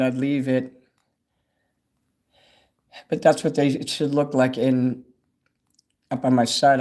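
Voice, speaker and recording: A man's voice: medium pitch, darkish tone. An older man hosting a casual livestream, chatting in a meandering way, swearing freely and answering viewers' comments. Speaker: livestream host. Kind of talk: rambling livestream chat.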